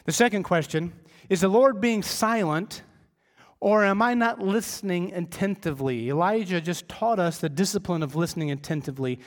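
A middle-aged man preaching a sermon as pastor, conversational, telling humorous family stories and dropping his voice low for emphasis. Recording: long reverb of a large hall.

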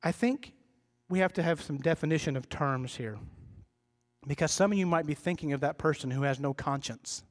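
A middle-aged man delivers a sermon to his congregation in a relaxed, conversational way, often laughing at his own faults. His voice sits high for a man. The sound carries a long reverb from the church hall. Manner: conversational, self-deprecating, acts out quoted voices. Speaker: pastor.

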